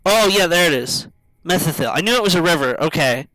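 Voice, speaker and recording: A man casually commenting on an online game as he plays it on a live stream, musing aloud in halting self-talk. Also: a little high, lively intonation, pushed and bright, no room sound.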